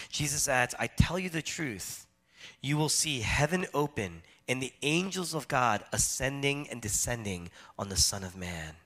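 A man preaching a sermon, swinging between loud emphatic stretches and hushed, quiet ones. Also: mid-range voice. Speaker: pastor.

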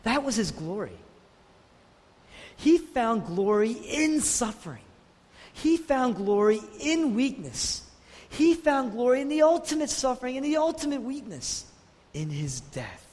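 A man preaches in a fairly high voice that leaps up and down in pitch as he drives his points. He asks rhetorical questions and swings from loud declarations to hushed, low passages. His voice rings with a long echo over a faint hum of room noise. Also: big pitch swings, measured pace. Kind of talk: sermon.

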